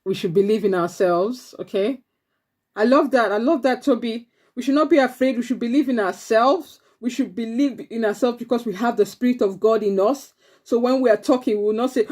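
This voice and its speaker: A Sunday school teacher with a slightly mellow, higher-pitched voice runs an online church class for preteens at a fairly quick clip. She cheers the kids on and echoes their answers back to them.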